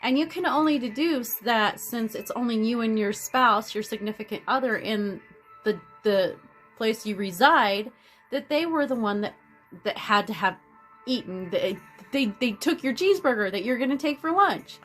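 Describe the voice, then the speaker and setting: A woman's voice: fairly high pitch, moderate pace, faint music behind. A woman vlogger talking through a self-help idea in a rambling, casual monologue, often restarting her sentences and acting out everyday stories. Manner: rambling, many restarts and fillers; animated storytelling.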